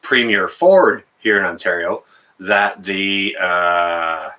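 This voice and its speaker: A man's voice: sits low, slow pace, pushed and bright. A Canadian man hosting a casual livestream, greeting viewers in the chat by name and chatting with plenty of fillers. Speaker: livestream host.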